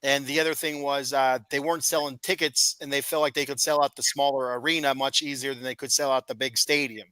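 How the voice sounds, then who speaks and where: A man's voice: mid-range voice, fairly even intonation, fairly quick, hardly any pauses, sharp tone, smooth, no echo, rough recording. A man hosting a wrestling podcast, talking casually and explaining at length with stammering restarts. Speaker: podcast host.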